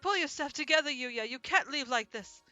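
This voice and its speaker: A woman's voice: high voice, normal speed, bright, forceful tone, dry recording, faint music behind, pitched above the performer's own voice. A woman voicing a proud, haughty young male pigeon aristocrat in a dating game, speaking indignantly. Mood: distressed.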